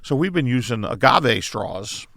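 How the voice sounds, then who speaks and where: A middle-aged man, a guest who owns a coffee shop, telling relaxed, rambling stories in casual chat. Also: mid-range voice, a little slow, vocal fry, no room sound.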